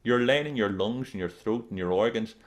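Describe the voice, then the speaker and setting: A man's voice: fairly low pitch, a little fast. A man presenting a self-help video, talking bluntly and emphatically straight to his viewers, repeating his main points and calling them "guys". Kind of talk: direct-to-camera motivational advice.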